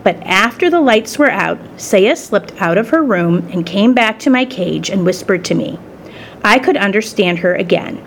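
A woman reading a children's story aloud in the first person, with expressive storytelling. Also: mid-range voice, moderate pace, a little hiss or hum. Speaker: storybook reader.

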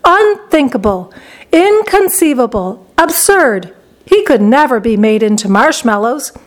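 An eccentric chocolate-maker who exclaims everything with theatrical flair, as a woman reads him in a storybook. The voice sits high and keeps bursting into grand declarations. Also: lively intonation, unhurried. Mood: excitable. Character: excitable eccentric chocolate-maker, grown man.

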